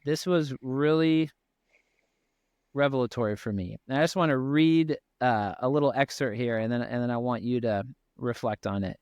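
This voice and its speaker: A man hosting a podcast interview, speaking in a thoughtful, measured way with some fillers. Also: medium pitch, darkish tone, smooth, dry recording, clean studio sound. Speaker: podcast host. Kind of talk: interview, reading an excerpt aloud.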